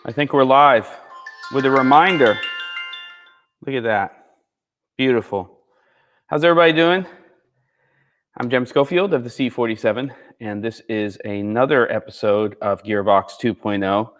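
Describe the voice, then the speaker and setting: A man's voice: mid-range voice, normal speed, pauses often, fairly bright tone, faint music behind. A man hosting a live gear show, chatting casually with viewers and reading out their comments, in a slightly sleepy morning voice. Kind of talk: casual live-stream chat. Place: second floor of a barn studio.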